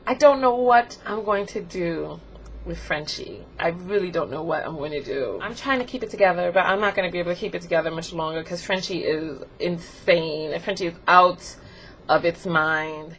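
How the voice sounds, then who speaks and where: A woman vlogger rambling and giggling through a comedic confession, animated and chatty. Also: lowish voice, moderate pace. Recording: slightly dull home video, faint hiss.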